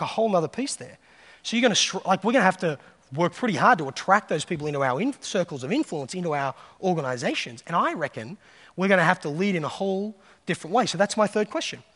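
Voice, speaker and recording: A man's voice: sits high, fairly bright tone. A man giving a conference keynote, telling stories and acting out the voices of people he quotes. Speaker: keynote speaker. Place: large hall on stage. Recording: reverberant hall.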